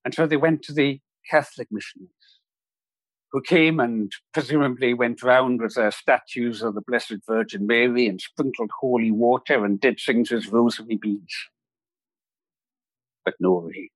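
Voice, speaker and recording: A reflective man tells a story at a measured pace as a podcast guest. His voice is husky and mid-pitched, recorded close and dry. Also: dry recording, rough recording. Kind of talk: storytelling in a conversation.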